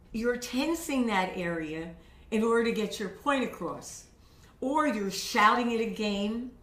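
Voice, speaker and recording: A woman's voice: mid-range voice, recorded from a distance. A woman vocal coach giving casual, encouraging voice tips to camera, often checking in with "okay?". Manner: chatty and encouraging, frequent "okay?" check-ins. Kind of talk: instructional talk to camera. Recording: roomy echo.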